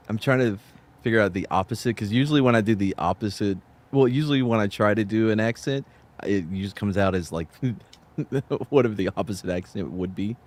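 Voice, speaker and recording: A man's voice: lowish voice, fairly quick, darkish tone. A male podcast co-host telling stories casually, restarting sentences and swearing along the way. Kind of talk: casual storytelling.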